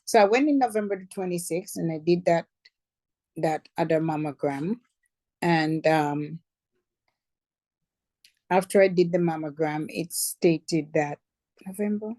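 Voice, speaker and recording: Warm-voiced middle-aged woman telling her story. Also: low voice, measured pace, pauses often, no room sound. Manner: conversational, backtracks and corrects herself. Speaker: cancer survivor sharing her story. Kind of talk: personal storytelling.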